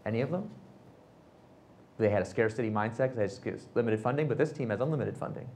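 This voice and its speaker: A man in his thirties talks at a fast clip in a fairly low voice as a guest at a live fireside chat. He tells stories with energy and slips into the voices of the people he quotes. Faint room noise sits behind him. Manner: animated storyteller acting out quoted people. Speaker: author and entrepreneur, guest. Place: event space with audience.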